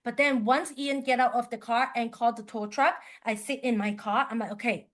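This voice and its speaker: A qigong teacher with a high voice tells a personal story at a workshop, speaking at normal speed. She's animated, acts out every line of dialogue, uses plain, simple English, and laughs often.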